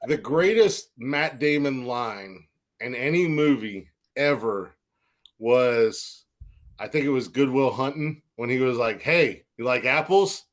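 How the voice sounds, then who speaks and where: A man's voice: mid-range voice, expressive, takes it slowly. Swearing, joking man hosting a podcast. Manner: swearing, joking, trails off and repeats. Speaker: podcast host. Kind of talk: casual podcast banter.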